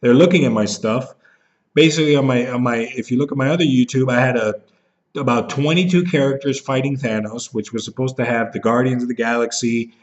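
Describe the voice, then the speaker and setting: Angry man ranting into a webcam, bitter and profane, mid-pitched, slightly dull lo-fi audio. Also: fairly quick. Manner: bitter, profane, jumps into mocking voices when he is upset. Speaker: vlogger. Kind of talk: angry rant to camera.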